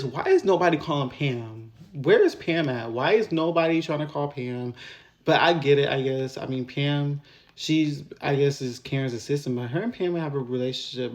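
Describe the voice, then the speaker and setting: A man talks through a TV episode recap in a loose, rambling way, full of "basically" and "um". His voice sits at an ordinary middle pitch. He gets worked up and louder when something annoys him. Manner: rambling, filler-heavy, animated when venting. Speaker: TV episode reviewer. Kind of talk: casual recap and review.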